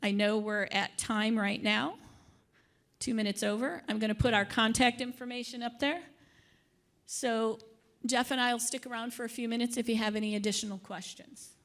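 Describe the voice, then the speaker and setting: A woman's voice: a little high, steady tone, moderate pace, a bit bright. An older woman from Michigan giving a conference workshop presentation, chatty, with joking asides and the odd stumble over her words.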